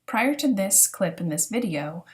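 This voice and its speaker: A woman giving a recorded lesson as a dog training instructor, explaining step by step in a clear, teaching manner. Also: mid-range voice, lively intonation, measured pace, background noise. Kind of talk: recorded lecture narration.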